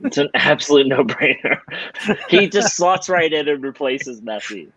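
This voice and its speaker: A man's voice: fairly high pitch, expressive, moderate pace, a bit bright, no echo, poor audio. A man co-hosting a casual podcast with a dry, teasing manner. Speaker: podcast co-host. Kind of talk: casual chat.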